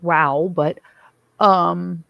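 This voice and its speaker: A woman with a gravelly, creaky edge to her voice chats casually on a livestream. She rambles from comment to comment and calls out viewers by name, heard close and dry with no room echo. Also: fairly low pitch, steady tone, extremely slow, dull audio. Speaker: streamer host reading chat.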